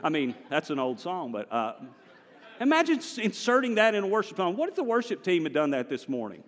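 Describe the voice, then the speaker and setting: Male pastor, higher voice, lively conversational sermon, long church reverb. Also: a little fast. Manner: animated, conversational preaching with the congregation. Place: large church sanctuary.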